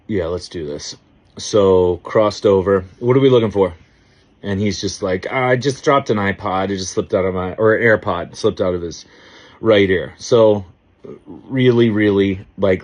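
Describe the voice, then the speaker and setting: Casual storyteller: middle-aged man, lowish voice, rambling and profane. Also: a little mellow. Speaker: coach and podcast host. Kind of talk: casual monologue.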